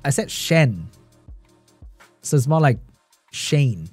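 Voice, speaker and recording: A man giving live esports commentary on a stream, reacting excitedly, laughing often and chatting with his viewers. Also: on the high side, unhurried, faint music behind. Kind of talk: live game commentary while reading chat.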